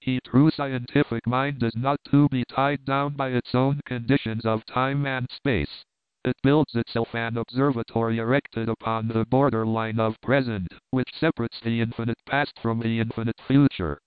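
A man's voice: mid-range voice, steady tone, moderate pace, clean tone, no echo, close to an everyday voice. A man voicing a stern, domineering elderly professor who talks in a lofty, lecturing way, in a plain read-aloud voice. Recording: dry, phone-like narrow sound.

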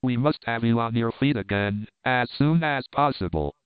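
A man's voice: medium pitch, normal speed, clear, resonant tone, dry recording, close to an everyday voice. Tarzan, a cold fierce ape-man, read by a man. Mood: gentle. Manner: cold, threatening, commanding. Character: fierce vengeful ape-man nobleman, adult male. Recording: tinny phone-like, dry.

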